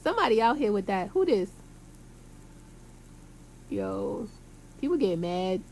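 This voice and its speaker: A Brooklyn, New York vlogger rambles to her viewers on camera in an emphatic monologue packed with street slang and swearing. Her voice is medium-pitched and sing-song with a somewhat dark tone, and she talks at a normal speed.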